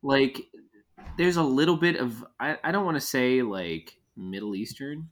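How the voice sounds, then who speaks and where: A man's voice: mid-range voice, animated, a little slow. Podcast co-host, man, mid-range voice, easygoing and hesitant. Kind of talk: casual chat.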